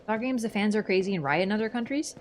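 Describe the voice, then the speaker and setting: A young woman streams a casual, rambling chat with a sarcastic edge, her voice sitting at an everyday middle pitch. A faint room hum sits under her talk. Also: rapid-fire. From Canada. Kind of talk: casual livestream chat over gameplay.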